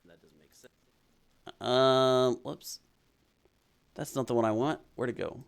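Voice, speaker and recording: A man hosting a casual live stream, chatting and reading viewer comments aloud as he thinks out loud. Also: mid-range voice, steady tone, a little slow, creaky, clean tone.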